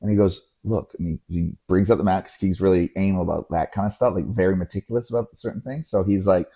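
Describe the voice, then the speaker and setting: A man hosting a podcast, telling a story in a casual, animated way, acting out voices and swearing now and then. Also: sits low, fast talker, husky. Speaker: podcast host.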